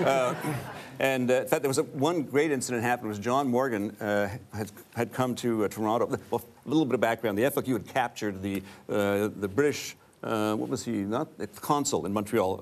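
A man in his sixties, a comedian guest on a talk show, telling anecdotes and chuckling often. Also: lowish voice. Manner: chuckling storyteller, laughs often.

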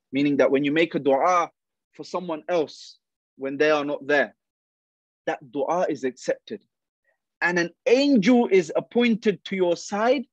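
A man's voice: fairly high pitch, slightly rough, no echo. A man giving an earnest religious talk to young people. He repeats key phrases and speaks directly to his listeners. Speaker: youth speaker. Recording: dull, dry recording.

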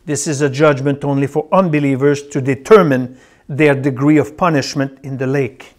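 A man's voice: mid-range voice, steady tone, moderate pace. A man teaching a Bible class, who repeats key phrases and tells his students which words to circle as he reads.

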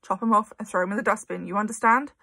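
A woman reading aloud gives a giant bully of a headmistress, all harsh barks and bellows. The voice is gravelly and a little husky. The delivery is bossy and loud. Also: mid-range voice, fairly quick, no echo, clean studio sound, full character voice. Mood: barking. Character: huge bullying headmistress, barking and cruel.

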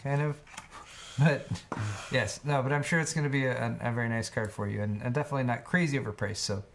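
Man, co-host, casual livestream chat, explanatory, stammers into sentences, middle pitch. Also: fast talker, slight background noise. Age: adult, married. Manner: explanatory, repeats words when starting. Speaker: co-host reading donations.

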